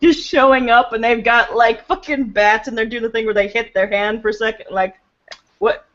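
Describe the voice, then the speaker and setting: High-voiced woman co-hosting a podcast. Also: steady tone, moderate pace. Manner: laughs often, swears casually. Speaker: podcast co-host. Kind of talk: casual podcast banter. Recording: dull lo-fi podcast audio.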